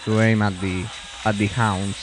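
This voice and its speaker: Slow, low-voiced man commenting on gameplay. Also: level tone, background noise. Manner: rambling, frequent restarts and muttered asides while playing. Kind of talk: casual let's-play commentary.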